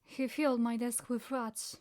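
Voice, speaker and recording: A woman voicing an earnest, serious young elf woman in flat, measured audiobook dialogue. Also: fairly high pitch, lightly acted.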